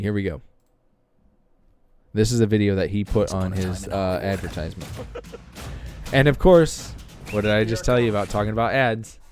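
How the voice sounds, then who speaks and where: A man hosting a podcast, talking casually and rambling with lots of fillers and restarts while browsing videos. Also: lowish voice. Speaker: podcast host.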